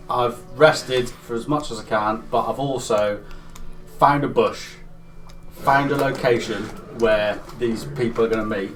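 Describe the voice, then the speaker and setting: An excitable man chats his way through a tabletop game, laughing with his friends. His pitch moves widely from phrase to phrase. Music is clearly audible behind him. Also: slow, pauses often. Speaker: player. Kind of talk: casual tabletop game play.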